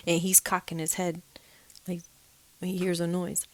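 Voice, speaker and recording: A woman telling a personal story in a casual, animated way, mimicking sounds and dropping into whispers for tense moments. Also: lowish voice, normal speed. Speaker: storyteller of a ghostly experience.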